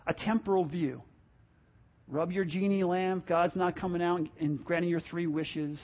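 High-voiced man preaching a sermon. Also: steady tone, a little slow, muffled recording. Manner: impassioned preaching, acts out quoted complaints, repeats words. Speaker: pastor.

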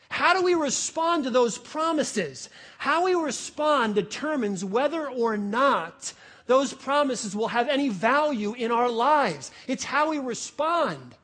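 A male pastor preaching in a very high voice. He is animated and jokey, acts out little scenes and keeps asking the congregation questions. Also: measured pace. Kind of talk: sermon.

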